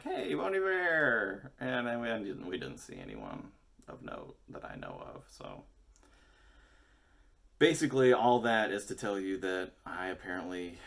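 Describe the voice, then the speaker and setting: A man's voice: fairly low pitch, creaky, fairly bright tone. A young man chatting casually and rambling to his viewers, joking and swearing as he wanders off topic. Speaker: musician vlogger. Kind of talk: casual rambling chat to camera.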